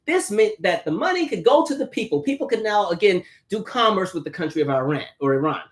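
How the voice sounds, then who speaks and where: A man hosting a casual commentary chat. He talks conversationally, keeps asking "right?", and slips into quick mocking voices. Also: high voice, sing-song. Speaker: host.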